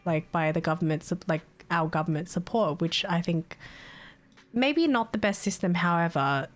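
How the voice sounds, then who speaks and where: Chatty laughing young woman streamer. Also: lowish voice. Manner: chatty, swears freely, laughs often. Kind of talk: casual chat with viewers.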